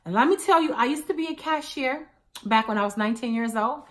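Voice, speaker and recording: Speaking fast in a slightly high voice, a couponing vlogger in her thirties tells stories to camera in a casual chat, punctuated by emphatic asides.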